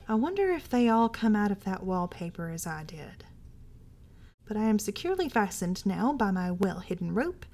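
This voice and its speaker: Woman giving an intense story reading. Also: medium pitch. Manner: intense, shifting between hushed whispers and agitated outbursts. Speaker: library podcast reader. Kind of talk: dramatic reading of a first-person story.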